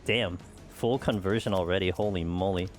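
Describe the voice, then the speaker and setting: A man's voice: sits low, moderate pace, faint music behind. A man streaming a game, chatting casually with viewers in a rambling way full of "like" and "you know". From United States. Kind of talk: casual chat while playing.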